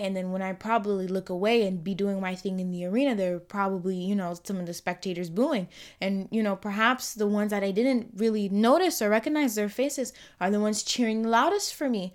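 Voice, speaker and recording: A woman with a Caribbean accent hosting a solo podcast, talking through her thoughts in a loose, conversational way with many fillers and restarts, moving between quiet musing and lively emphasis. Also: mid-range voice. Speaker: podcast host. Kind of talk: reflective solo podcast monologue.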